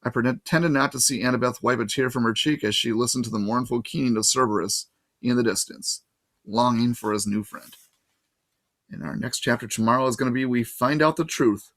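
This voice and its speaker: A man's voice: mid-range voice, moderate pace, a bit bright, no room sound. Man reading a children's novel aloud. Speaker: reader.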